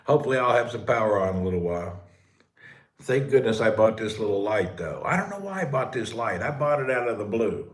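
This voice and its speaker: During a power cut, a man livestreams casually from his darkened house, chatting with viewers and calling out to his pet in a high, loud voice. The room sounds echoey.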